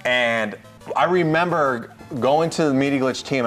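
A man hosting his show, telling a story in a casual, excitable way and acting out the people in it. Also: medium pitch, a little slow, faint music behind. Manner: excitable, acts out others' voices in his stories. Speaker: show host.

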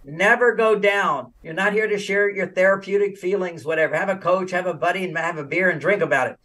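Older man, interview guest, from the US, animated, acts out dialogue, high-pitched, slightly distant mic. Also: a little fast. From United States. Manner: animated, acts out quoted dialogue, laughs often. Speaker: relationship author, interview guest. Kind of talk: casual interview talk with storytelling.

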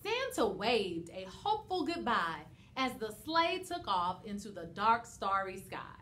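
A woman teacher reads a holiday storybook aloud for young children. Her voice moves with lively, swinging pitch, and a faint background hum runs beneath it. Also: unhurried. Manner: expressive, animated.

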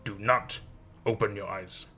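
A man voicing a grim woman in a horror story who gives curt, flat, low orders. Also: unhurried, husky, heavily acted. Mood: stern. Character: stern, grim woman guide, curt and commanding.

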